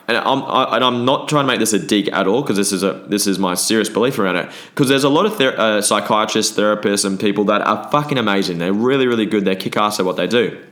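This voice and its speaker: A man's voice: fairly low pitch, fairly bright tone. A man, hosting a podcast and talking bluntly in a casual monologue, often swearing. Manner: blunt and frequently swearing, with restarts. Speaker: podcast host.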